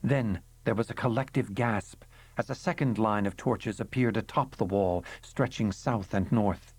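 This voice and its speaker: A man reading a fantasy novel aloud in measured, dramatic narration. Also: lowish voice, a little mellow, husky. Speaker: audiobook narrator. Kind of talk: scripted narration.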